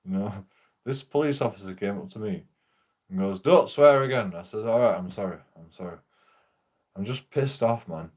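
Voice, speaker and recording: A man's voice: lowish voice, normal speed, long pauses, warm tone. A man casually telling a rambling, profane story while streaming a game, laughing often.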